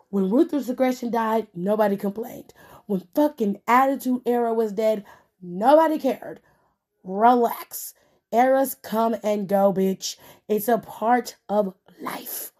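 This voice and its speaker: A woman's voice: on the high side, takes it slowly, mellow. A woman hosting a wrestling podcast, ranting bluntly and with lots of swearing at her listeners. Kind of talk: casual podcast commentary.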